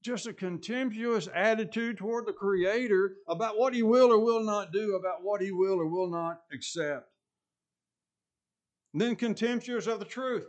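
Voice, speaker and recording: A male preacher delivers a sermon in a somewhat high voice. He leans hard on key words and then drops low and soft. He often circles back over his own phrases. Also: normal speed. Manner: emphatic, swings between loud stress and quiet asides, repeats phrases.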